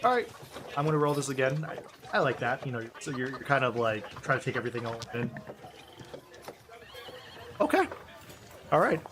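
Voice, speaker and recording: Acting as game master for a tabletop game, a man narrates in a relaxed, halting way full of fillers. His voice sits in the mid range, and there's noise in the background.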